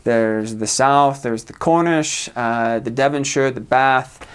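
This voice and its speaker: A man's voice: medium pitch, slow pace, clear, resonant tone. Rambling young man. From United States. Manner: loose and rambling, many fillers and soft laughs. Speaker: vlogger. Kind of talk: casual chat.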